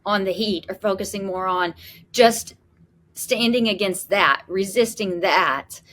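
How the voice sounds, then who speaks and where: Woman, podcast co-host, chatty, animated, mid-range pitch. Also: measured pace. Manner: chatty and animated, acts out her reactions. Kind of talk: casual podcast conversation.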